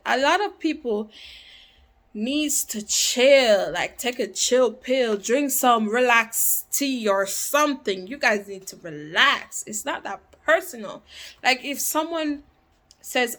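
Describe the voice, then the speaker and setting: A woman giving relationship advice to viewers in an animated, preachy, playful way. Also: a little high, a little slow. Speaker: relationship vlogger. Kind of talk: casual advice monologue.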